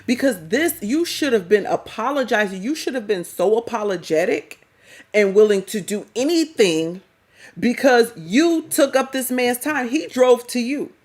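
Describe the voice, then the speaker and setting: Blunt, animated woman ranting in slang. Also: a little high, measured pace. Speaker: commentary vlogger. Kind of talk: casual reaction commentary.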